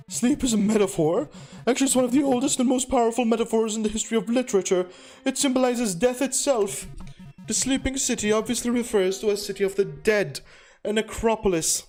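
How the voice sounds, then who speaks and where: A man's voice: very high-pitched, fairly quick, darkish tone, soft background music, voice pushed up. A man voicing a haughty, condescending male bird librarian who talks down in a mock-French manner. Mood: lecturing. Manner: pompous, scornful, mock-French.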